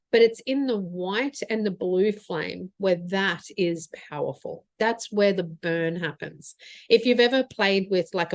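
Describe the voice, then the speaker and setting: A woman mentor giving an earnest, expressive motivational talk on spiritual practice for business, thinking aloud with fillers. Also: mid-range voice, dry recording, studio quality.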